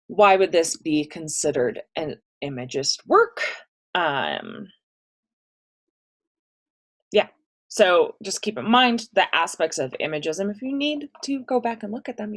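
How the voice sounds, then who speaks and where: A woman teaching an English class in a recorded online lesson, chatty and self-deprecating, reading poetry aloud with relish. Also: fairly low pitch. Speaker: high school English teacher.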